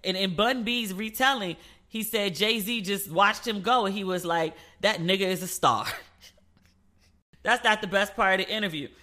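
A woman hosting her own podcast, talking in a loose, playful way and slipping into the voices of the people in her stories. Her tone is bright and forward, with a middling pitch. Her speech carries features. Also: unhurried. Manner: chatty, playful storytelling with animated quoted voices. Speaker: podcast host. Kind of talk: casual solo podcast commentary.

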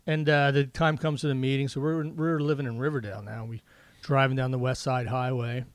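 A man's voice: medium pitch, fairly even intonation, fairly quick, dry recording. A man telling funny family stories on a podcast, acting out his kids' lines as he goes. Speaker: guest comedian.

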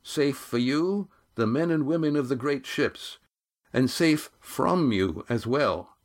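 A man's voice: medium pitch, expressive, slow, pitched above the performer's own voice. A man voicing a young seafaring grandson who speaks earnestly and declaims a proclamation. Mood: proclaiming.

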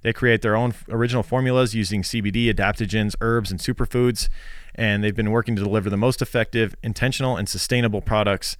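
A male podcast co-host in casual chat, reading sponsor spots and listener reviews in a relaxed, rambling way with fillers. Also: fairly low pitch, fast, no room sound, studio quality.

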